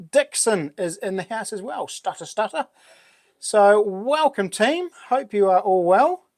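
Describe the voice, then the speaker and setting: Upbeat and casual, a male livestream host from New Zealand greets people in the chat as "buddy" and "mate." He has a high voice, recorded dry in studio quality.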